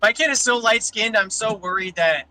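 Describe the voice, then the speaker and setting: Tipsy male streamer, loose banter, bright tone. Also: high-pitched, normal speed, faint music behind, poor audio. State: drunk. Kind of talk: casual chat.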